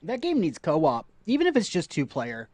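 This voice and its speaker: Man, casual game streamer, rambles and repeats himself, slightly high voice, dry close sound. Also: wildly swooping pitch, normal speed, a little mellow, dry recording. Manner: rambling, repeats himself, talks to chat as "fam". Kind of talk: casual live-stream chat. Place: at home.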